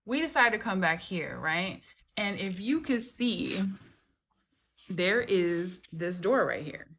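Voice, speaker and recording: Woman, casual vlog storytelling, lively swooping pitch, lots of fillers, swears freely, indoors at home. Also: slow, a little hiss or hum. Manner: animated, expressive, with frequent "like" and "right?" and casual swearing. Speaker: vlogger telling a personal story.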